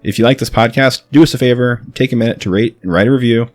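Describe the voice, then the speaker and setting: A man's voice: medium pitch, quick pace, dry recording, soft background music. Upbeat male podcast host. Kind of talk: casual podcast chat and sign-off. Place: apartment.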